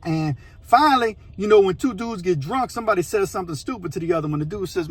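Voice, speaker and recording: A middle-aged man telling a prison story in a casual, slangy, animated way. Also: high-pitched, quick pace, few pauses, husky. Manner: animated, slangy, acts out every voice. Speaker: storyteller, former inmate.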